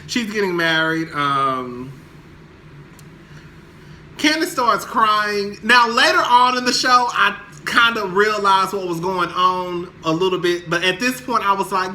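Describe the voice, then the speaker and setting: A young man dishes on a reality TV episode in a loose, gossipy vlog, sassy and quick to laugh. His voice is slightly high and strikingly bright and edgy, with a faint hum of noise behind it. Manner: sassy, animated, laughs often. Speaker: reality TV recap vlogger. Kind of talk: casual gossipy recap.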